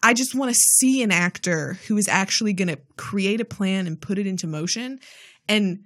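Animated woman co-hosting a podcast. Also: mid-range voice, normal speed. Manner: animated, laughs often, acts out quotes. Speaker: podcast co-host. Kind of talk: casual chat.

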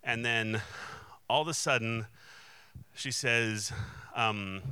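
Earnest man telling a bright testimony. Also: medium pitch, takes it slowly, clean tone, dry recording. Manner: earnest, candid, emotionally open. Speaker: Christian minister and conference speaker. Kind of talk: personal testimony storytelling.

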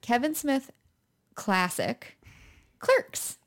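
A woman's voice: fairly high pitch, extremely slow. A young woman co-hosting a podcast in casual chat, laughing often as she talks. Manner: giggly, animated, laughs often. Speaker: podcast co-host.

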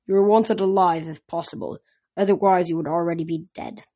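A woman's voice: lowish voice, steady tone, warm tone, dull audio, close to an everyday voice. A woman voicing a sinister male monster posing as a teacher, cold and mocking. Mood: threatening. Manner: cold, mocking, slow menace.

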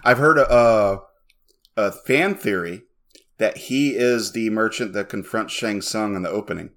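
A man's voice: fairly low pitch, measured pace. A man co-hosting a podcast, chatting casually and telling jokey stories. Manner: jokey, animated storyteller. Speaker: podcast co-host. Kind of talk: casual chat.

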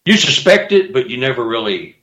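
A man talking as a guest on a show, an animated storyteller who repeats words and breaks into laughs. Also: medium pitch, fairly quick. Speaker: guest author and Bigfoot investigator. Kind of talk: casual chat. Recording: roomy, dull sound.

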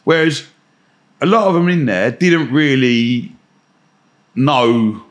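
A man's voice: medium pitch, lively intonation, slow pace. A man, a guest telling blunt, slangy stories in a casual podcast chat, swearing and laughing as he goes.

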